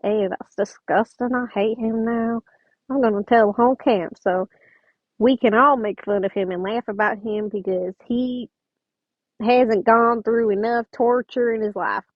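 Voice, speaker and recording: A woman voicing an excitable teenage boy who gushes in squealing, breathless rushes. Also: on the high side, no echo, lo-fi sound. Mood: mocking.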